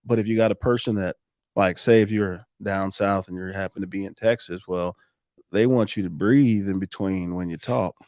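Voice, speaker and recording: Animated man coaching on sales. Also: sits low, normal speed, no echo, studio quality. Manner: animated, coaching, laughs often. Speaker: podcast guest, sales coach. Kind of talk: casual podcast conversation.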